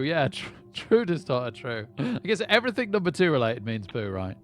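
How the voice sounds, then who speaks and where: A man's voice: on the high side, sing-song, a little fast, few pauses, soft background music. A man chatting casually to viewers on a live poker stream. He rambles and often repeats words as he starts a sentence. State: lightheaded.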